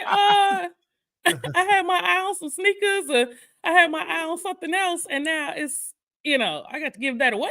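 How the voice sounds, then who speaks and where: A woman's voice: very high voice, normal speed. Candid laughing woman sharing testimony. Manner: lively, laughing, acts out her own prayers. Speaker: guest co-host. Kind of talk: candid talk-show testimony.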